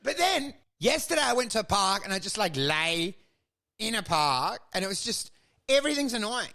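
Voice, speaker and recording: A man's voice: high voice, sing-song, moderate pace, gravelly, bright, forceful tone. A man co-hosting a comedy podcast, telling absurd, self-deprecating stories. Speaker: podcast co-host.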